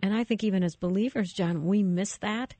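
A woman host asking questions in an interview and responding in a warm, affirming way. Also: mid-range voice, brisk, no echo.

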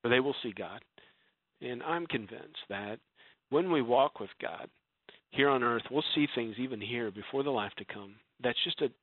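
A man guest telling an emotional personal story in an earnest way, his voice dropping soft when he quotes others. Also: mid-range voice, moderate pace, dry recording. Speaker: guest author. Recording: dry, phone-like narrow sound.

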